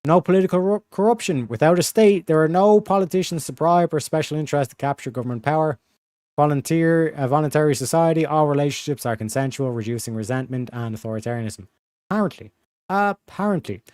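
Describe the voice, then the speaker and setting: A man's voice: on the high side, fast, darkish tone, dry recording, clean studio sound. A man on a casual livestream reading text aloud and breaking off for sarcastic, crude asides.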